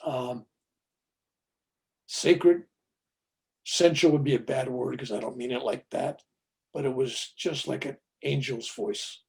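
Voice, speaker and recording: A man in his seventies, a podcast guest, telling a personal story in an animated, chatty way with many "you know"s. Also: mid-range voice, takes it slowly, creaky, pauses often.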